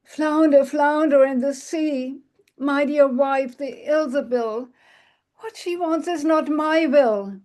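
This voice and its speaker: A woman's voice: sits high, slow, a little mellow, voice pushed up. A woman doing a frightened, stammering old fisherman. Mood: calling out. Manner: pleading and stammering.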